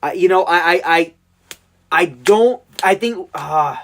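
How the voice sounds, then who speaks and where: A man with a high voice calls out live reactions as the picks come in. He is excitable and emotional and repeats lines over and over. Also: slow. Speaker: live draft commentator.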